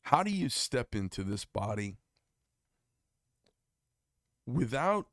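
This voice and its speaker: A man's voice: medium pitch, very animated, moderate pace, no echo, studio quality. A man from the United States hosting a casual political chat, heated and emphatic, his voice climbing sharply when outraged and dropping into mild swearing. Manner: heated, emphatic, rising to near-shouts of outrage with profanity. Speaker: podcast host.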